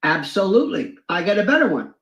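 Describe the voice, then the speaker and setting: A man's voice: high voice, big pitch swings, fast, fairly bright tone. A man talking animatedly about free speech and the law, acting out quotes and courtroom exchanges. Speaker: commentator in a played clip. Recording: roomy, dull lo-fi sound.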